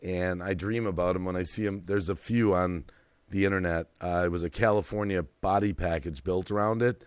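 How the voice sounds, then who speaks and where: A man's voice: sits low, fairly quick, clean tone, dry recording. A middle-aged man hosting a late-night live stream, telling stories with frequent laughs and greeting viewers in the chat. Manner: lively storyteller, laughs often and greets the chat.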